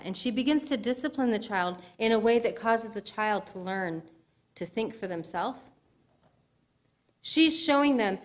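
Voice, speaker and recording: A woman's voice: mid-range voice, lively intonation, a little slow. A woman giving conversational sermon-style teaching in a church, checking with her listeners as she goes. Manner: conversational teaching, asks the audience if it makes sense. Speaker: speaker at a church service.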